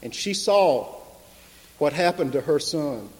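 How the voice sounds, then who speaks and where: A man preaching an impassioned sermon, building to loud emphatic peaks. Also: a little high, animated, slow. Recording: long reverb of a large hall.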